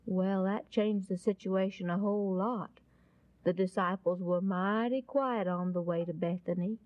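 A woman telling a Bible story in a folksy, animated, dramatic way and closing with a gospel appeal, on a dull lo-fi recording. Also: medium pitch, moderate pace, no room sound.

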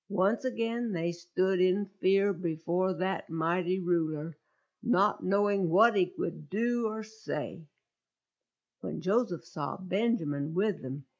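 A woman narrating a children's Bible story with an expressive, exclamatory manner, ending in a gospel appeal, on a dull lo-fi recording. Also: fairly low pitch.

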